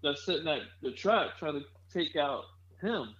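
A man's voice: a little high, expressive, normal speed, fairly bright tone, breathy edge. Laid-back male co-host on a dull mic. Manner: laid-back, asks to confirm with "right?". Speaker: podcast co-host. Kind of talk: casual chat.

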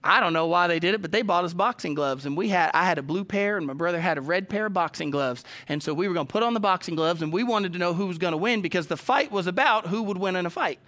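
A man's voice: high-pitched, fast, hardly any pauses, bright, forceful tone. A man preaching a sermon, telling stories and addressing the congregation directly. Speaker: pastor.

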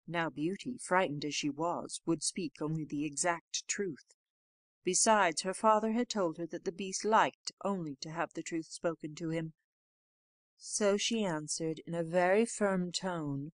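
Low-voiced woman reading a fairy tale. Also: measured pace, dry recording. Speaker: audiobook narrator. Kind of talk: storybook reading.

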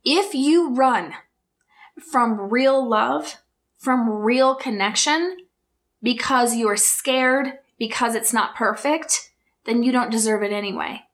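A woman hosting her own podcast, talking straight to her listeners with rhetorical questions, earnest and openly emotional. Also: on the high side. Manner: earnest, emotional, speaks in slow emphatic bursts. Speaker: podcast host. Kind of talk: heartfelt solo podcast talk.

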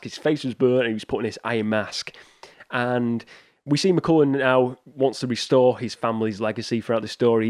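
A man's voice: mid-range voice, dry recording, clean studio sound. A man hosting a solo movie podcast, chatting casually and rambling with restarts and small chuckles. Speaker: podcast host.

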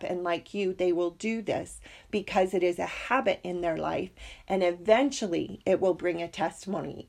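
A woman's voice: medium pitch, a little mellow. Earnest woman teaching a scripture lesson. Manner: earnest, heartfelt, reads verses slowly. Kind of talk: scripture lesson with personal story.

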